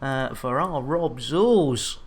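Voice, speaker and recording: A woman's voice: rumbling low, expressive, slow pace, husky. A woman from the UK streaming a game, chatting playfully and greeting viewers by name. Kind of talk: casual live-stream chat.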